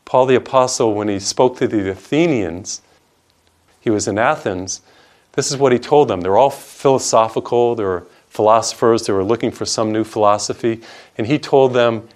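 A man, a priest, preaching a televised sermon in an earnest, emphatic way, stacking up lists of words and dropping soft on tender lines. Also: mid-range voice, normal speed.

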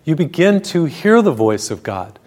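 Gentle storytelling priest preaching on TV. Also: male voice, a little high, very animated. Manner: warm storytelling preacher, slows down for scripture. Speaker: Catholic priest and TV program host. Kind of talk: televised sermon.

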